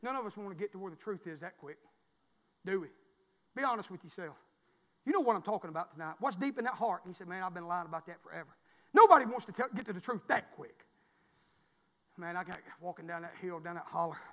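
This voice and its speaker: A man, preaching a sermon through a folksy personal story that swings from loud to hushed. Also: sits high, expressive, fast talker, in a large hall. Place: church.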